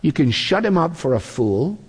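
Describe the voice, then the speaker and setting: A man preaching a sermon in a measured, deliberate way, acting out the quotes he reads. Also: on the high side, sing-song, husky. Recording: long reverb of a large hall.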